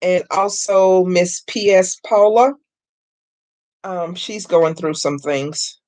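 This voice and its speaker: A woman's voice: on the low side, slow, darkish tone. A middle-aged woman, hosting a live craft stream and chatting with viewers as she works. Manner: chatty, addresses viewers as y'all, greets chat by name. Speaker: craft channel host. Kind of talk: casual live-stream chat while crafting.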